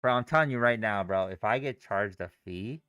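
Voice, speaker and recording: A man's voice: on the low side, brisk, fairly bright tone, smooth, no echo. A young man chatting casually on a live trading stream, swearing and rambling as he reacts to chat and charts. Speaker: livestream day trader.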